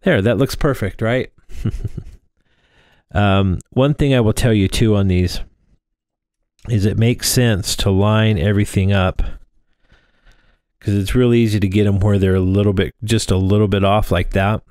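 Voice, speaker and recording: A man's voice: on the low side, steady tone, unhurried, darkish tone, no room sound, clean studio sound. A man in his thirties talking casually through a drone frame build, rambling with plenty of fillers and restarts. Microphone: close microphone in front of him.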